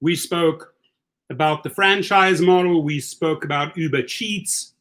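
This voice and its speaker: A middle-aged man with a South African accent and a fairly high voice runs a livestream chat. He coaches his listeners with energy and tends to restart and repeat his words. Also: unhurried, a bit bright. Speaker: host. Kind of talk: livestream chat giving advice.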